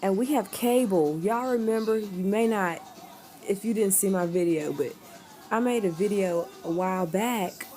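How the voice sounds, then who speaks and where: A woman's voice: mid-range voice, normal speed, dark tone, faint music behind. A woman chatting casually at home on a livestream, rambling and laughing often. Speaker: livestream host.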